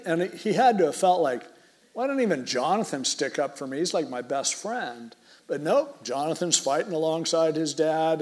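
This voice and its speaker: A middle-aged man preaching a sermon in a relaxed, conversational, storytelling way. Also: on the high side. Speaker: pastor.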